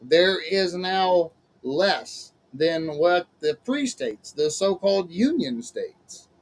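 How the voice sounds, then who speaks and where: A man's voice: high-pitched, very animated, takes it slowly, poor audio. A man hosting a casual chat as a minister, folksy and chatty, laughing often. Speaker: host, minister.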